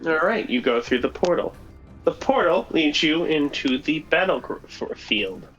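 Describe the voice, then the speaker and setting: A lively game master narrating a tabletop game. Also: medium pitch, measured pace, muffled recording, faint music behind. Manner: lively, chatty narration with fillers.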